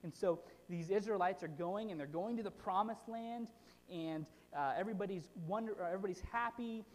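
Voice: mid-range voice, fairly quick. Chatty preacher in an echoing hall. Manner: chatty, frequent rhetorical "right?" checks, animated retelling. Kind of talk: casual conversational sermon. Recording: long hall reverb.

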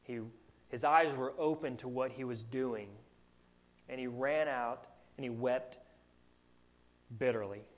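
A man's voice: medium pitch, unhurried, long pauses. A man with a Southern US accent preaching a sermon, earnest and full of rhetorical questions. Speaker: pastor.

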